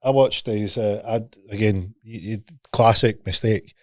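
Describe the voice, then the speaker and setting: A man's voice: lowish voice, fairly even intonation, measured pace, no room sound, studio quality. Schotse man, sweary storyteller. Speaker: podcast host. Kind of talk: casual podcast chat.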